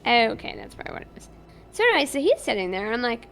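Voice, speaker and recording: Gravelly woman roleplaying a cop. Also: fairly high pitch, racing, slight background noise. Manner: animated, recounts events acting out both sides of the dialogue. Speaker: streamer playing a police officer in a roleplay server. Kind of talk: in-character roleplay storytelling.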